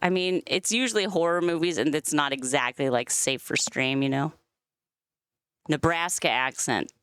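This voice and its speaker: A woman's voice: low-pitched, normal speed, a bit bright, clean tone, no echo, studio quality. A woman hosting a live stream, chatting and teasing playfully. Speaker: stream host. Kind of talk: casual chat.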